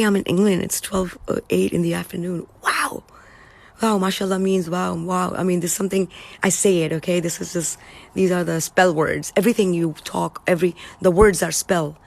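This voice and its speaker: Woman, livestream host, earnest, excitable, drops to whispers, lowish voice, phone mic. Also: brisk, vocal fry. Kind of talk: casual spiritual livestream talk. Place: indoors, live stream in England.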